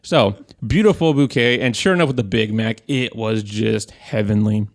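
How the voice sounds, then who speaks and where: A young man co-hosting a podcast, telling a story in an animated way, swearing and acting out what people said. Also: fairly low pitch, normal speed, vocal fry, dry recording, studio quality. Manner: animated, profane, acts out quoted voices. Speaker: podcast co-host. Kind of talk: casual storytelling chat.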